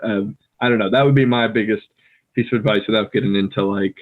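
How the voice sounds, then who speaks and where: An American man co-hosting a casual language-learning podcast, talking in a relaxed way with lots of fillers. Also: on the low side, fast talker. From United States. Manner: relaxed, filler-heavy, playfully mimics others. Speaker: podcast co-host, English native speaker. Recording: tinny phone-like call audio.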